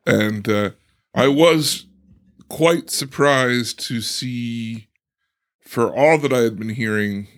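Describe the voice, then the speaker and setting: A man co-hosting a casual podcast book discussion, animated and joking. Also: mid-range voice, slow pace. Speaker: podcast co-host.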